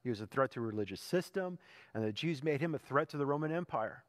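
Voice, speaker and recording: Long church-hall reverb surrounds a male pastor preaching in a sanctuary. His mid-range voice moves fast with lively intonation as he tells the story conversationally, climbing toward emphatic peaks.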